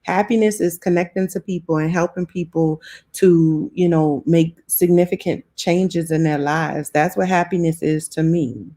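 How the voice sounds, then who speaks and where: A woman's voice: lowish voice, fairly even intonation, moderate pace, warm tone. A woman from New Orleans with a New Orleans accent, chatting casually with viewers on a live stream and often laughing. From New Orleans, USA. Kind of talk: casual live chat reading comments. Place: South Florida home.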